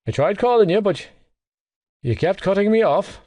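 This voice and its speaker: A man's voice: high voice, animated, normal speed, darkish tone, dry recording, voice pushed up. A man doing a rowdy drunk young rugby lad. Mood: earnest.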